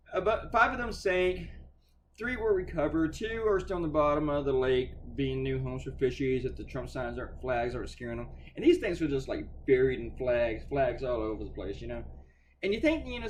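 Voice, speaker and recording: A man's voice: on the high side, a little hiss or hum. A man talking casually while he works, chatty and sarcastic, swearing freely and often restarting his sentences. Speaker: cartoonist talking while drawing. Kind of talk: casual rambling monologue.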